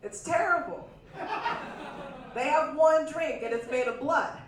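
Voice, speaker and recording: A woman's voice: high voice, measured pace, far from the mic, a crowd in the background. A woman performing a stand-up comedy set in a club, playful and acting out quotes in exaggerated voices, with audience laughter behind her. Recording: echoey club room miked from afar.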